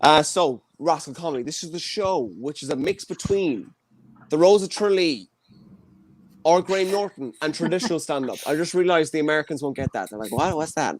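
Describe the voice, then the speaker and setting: A man's voice: on the high side, expressive, a little fast, dry recording. An Irish man in his twenties hosting a live online comedy show from his childhood bedroom over a video call, with a joking, chatty stand-up delivery. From Ireland. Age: 20s. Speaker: host.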